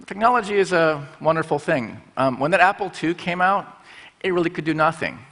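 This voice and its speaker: A man's voice: on the high side, expressive, a little fast, fairly bright tone. Playful man speaking in a big hall. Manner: playful, acts out little voices for fonts. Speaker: speaker giving a talk. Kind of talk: conference talk. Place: conference stage in a large hall. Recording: large hall with long reverb.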